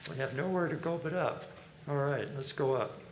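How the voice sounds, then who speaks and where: A man's voice: fairly high pitch, moderate pace. A man leading a spiritual reading group, commenting casually with chuckles and frequent fillers. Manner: relaxed, chuckling, hesitant with fillers. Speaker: monk leading a reading and discussion. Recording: roomy echo, faint background noise.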